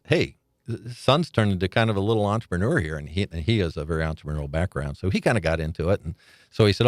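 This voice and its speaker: Deep-voiced older man telling stories. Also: no room sound, studio quality. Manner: animated storyteller, laughs often, acts out quoted voices. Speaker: guest. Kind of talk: storytelling interview.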